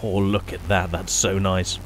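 A man giving casual, chatty gameplay commentary as a channel host, often pausing and restarting his sentences. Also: low-pitched, little pitch movement, background noise. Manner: chatty, halting, many restarts and fillers.

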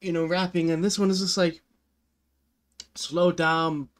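Smooth-voiced man hosting a casual music reaction. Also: a little high, level tone, measured pace. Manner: rambling, full of "like" and "you know", earnest. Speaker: music reaction video host.

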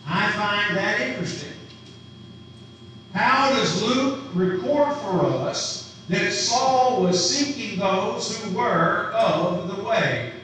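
A man's voice: sits high, expressive, takes it slowly, background noise. A man preaching a sermon who asks his congregation questions as he teaches. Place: church sanctuary. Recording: roomy, distant church recording.

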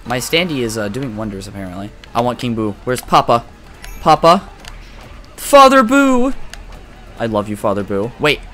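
A young man giving casual, profane let's-play commentary, excitable and trash-talking the game as he plays. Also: lowish voice, fast, hardly any pauses, faint music behind. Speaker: gaming commentator.

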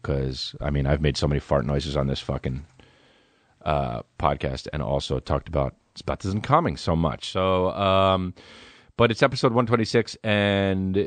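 A man's voice: rumbling low, fairly even intonation, moderate pace, no room sound. A young adult man hosting a podcast, telling rambling comedic stories in a laid-back, profane way. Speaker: podcast host. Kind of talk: comedic storytelling monologue.

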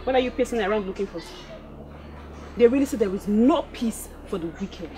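An actress with a Nigerian accent playing a sharp-tongued, scheming young wife in a film, taunting and scornful. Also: female voice, medium pitch, expressive, fairly quick, slight background noise, lightly acted. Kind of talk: Nollywood film acting.

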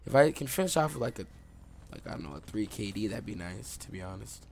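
A young man giving excitable live commentary over his own video game play, recorded on a desktop microphone at home. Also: fairly low pitch, quick pace, a little hiss or hum. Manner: excitable, reacts aloud to the game. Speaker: gaming YouTuber. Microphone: desktop USB mic.

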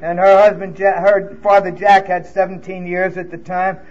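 A man with a New York accent gives a candid, emotional personal testimony at a conference and swears bluntly. His voice sits high for a man. The recording is dull and lo-fi, as if taped at a conference. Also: little pitch movement, moderate pace, darkish tone. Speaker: recovery speaker. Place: conference hall.

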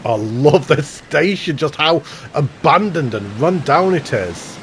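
A man hosting a game channel, giving excited, gushing commentary with self-mocking asides. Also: on the high side, slow pace, slight background noise.

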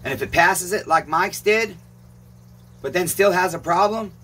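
Bright, husky man rambling. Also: sits high, moderate pace. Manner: emphatic, swears often, calls viewers "neighbors". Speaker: chainsaw repair shop owner and channel host. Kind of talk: rambling casual vlog.

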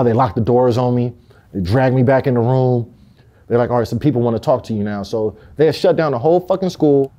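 A man's voice: medium pitch, dark tone. A man telling a candid story from his youth in an interview, in streetwise speech that swears and acts out the people he quotes.

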